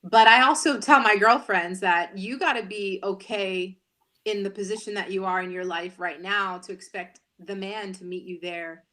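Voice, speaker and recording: A woman's voice: medium pitch, steady tone, moderate pace, sharp tone. A woman news anchor in her thirties, chatting candidly and animatedly as a guest on a talk show.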